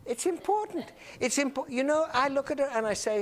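A man's voice: extremely high pitch, lively intonation, brisk. A man giving an anecdotal classroom lecture, acting out little dialogues and often repeating words as he talks. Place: lecture room filmed on camera.

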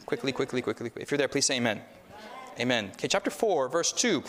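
A man's voice: mid-range voice, sing-song, fast talker, a bit bright. A man preaching a sermon in a church hall, asking the crowd to repeat words back, with many stumbling restarts. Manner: call-and-response, stumbling restarts. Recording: long hall reverb.

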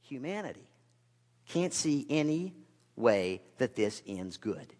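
A male pastor delivering a sermon, with rhetorical questions and dry asides, swinging from loud to hushed. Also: medium pitch, big pitch swings, takes it slowly. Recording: long reverb of a large hall.

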